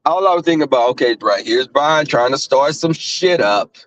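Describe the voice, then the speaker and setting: A man's voice: mid-range voice, expressive, moderate pace, no room sound, highs cut off. A middle-aged man with a Southern US accent talks to viewers in a blunt, profane, casual monologue, full of fillers and restarts. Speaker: online talk host.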